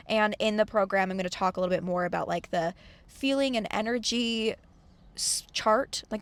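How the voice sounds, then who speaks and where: A woman's voice: mid-range voice, dry recording. A young woman in a casual, earnest motivational talk, acting out her own complaining thoughts. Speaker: host of self-help channel.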